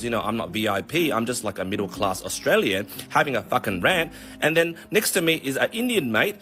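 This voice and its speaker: A man on a comedic, profane rant, telling a long analogy in an animated way. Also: medium pitch, brisk, soft background music. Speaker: vlogger.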